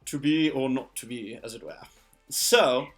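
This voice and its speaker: A man's voice: mid-range voice, a little slow, soft background music. A man teaching vocabulary in a casual spoken lesson, patient and careful, explaining step by step and adding small jokes. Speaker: language teacher.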